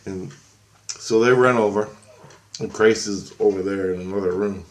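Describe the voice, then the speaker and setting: A man who has just woken up, clearing his throat as he tells a long personal dream story, halting and meandering with many fillers and restarts. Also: on the low side, steady tone. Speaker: video blogger recounting a dream.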